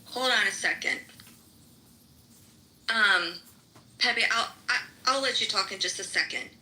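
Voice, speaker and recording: A woman's voice: mid-range voice, a little slow, sharp tone, slight background noise, rough recording. A middle-aged woman in a live audio chat room, angrily calling someone out, swearing and mimicking others sarcastically.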